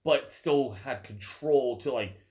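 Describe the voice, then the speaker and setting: A man's voice: medium pitch, slow, a little mellow. A young man co-hosting a podcast, explaining in a rambling, casual way with lots of fillers, a bit stuffy from a cold. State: stuffy, sneezing. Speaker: podcast co-host. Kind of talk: casual chat.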